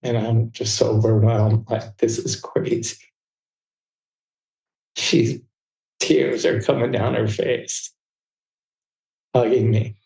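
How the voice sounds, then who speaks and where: A man's voice: mid-range voice, fairly even intonation, gravelly, a little mellow. Man telling stories in a roomy echo. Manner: fast, tumbling anecdotes with restarts. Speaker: guest. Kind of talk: storytelling in casual interview.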